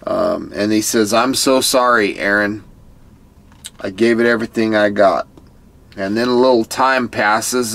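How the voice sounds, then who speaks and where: Low-voiced man casually recapping an episode. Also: gravelly, a bit bright. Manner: retells scenes, quoting participants, repeats "crazy". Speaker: YouTube reviewer.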